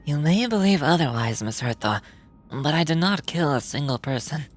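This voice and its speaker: A woman's voice: low voice, lively intonation, pitched below the performer's own voice. A woman putting on a stern male knight captain. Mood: defensive. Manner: formal, measured, defensive. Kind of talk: voice acting game dialogue on stream.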